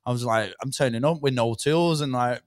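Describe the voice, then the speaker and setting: A man's voice: mid-range voice, a little fast, no echo, clean studio sound. An English man, a podcast guest, talking in blunt, casual, sweary chat about himself. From England. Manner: blunt and sweary, says "do you know what I mean" a lot.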